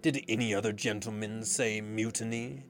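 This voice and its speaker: A man's voice: on the low side, steady tone, normal speed, noisy background, natural voice. A man reading aloud and voicing a theatrical, menacing pirate captain who purrs his threats. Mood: purring menace. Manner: silkily purring, then thundering.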